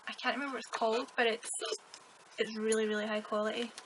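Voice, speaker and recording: A woman's voice: on the high side, little pitch movement, fast, fairly bright tone, slight background noise, rough recording. A woman with a Scottish accent, a guest on a podcast, chatting casually and laughing often. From Scotland. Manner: giggly, friendly back-and-forth. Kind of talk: casual chat.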